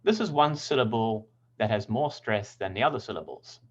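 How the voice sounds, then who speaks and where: Male pronunciation teacher, low voice that swings widely in pitch, careful and clear, slightly dull recording. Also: animated. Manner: clear, deliberate teaching with stressed example words. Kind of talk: scripted lesson.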